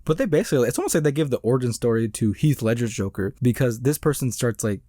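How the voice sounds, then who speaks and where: Fast-talking man rambling about a movie. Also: medium pitch, sing-song, dark tone, dry recording, clean studio sound. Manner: rambling, full of "like" and restarts. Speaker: movie reviewer. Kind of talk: casual movie review talk.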